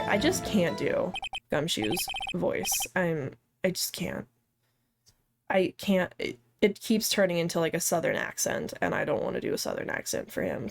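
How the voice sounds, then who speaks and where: A woman's voice: on the low side, vocal fry. A woman streamer making flustered, self-deprecating asides while reading a game aloud. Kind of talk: casual livestream commentary.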